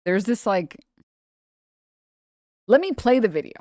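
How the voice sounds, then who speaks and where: A woman's voice: medium pitch, big pitch swings, a little slow, warm tone, no echo, clean studio sound. A young adult woman hosting a live stream, chatting casually in slangy, profane, irreverent banter. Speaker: streamer host.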